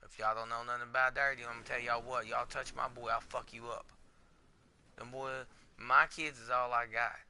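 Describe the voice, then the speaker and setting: A podcast host tells his story in a candid monologue. His voice is very bright and cutting, at a mid pitch. He talks bluntly and swears often, and his delivery stays emotionally raw. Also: flat delivery, normal speed.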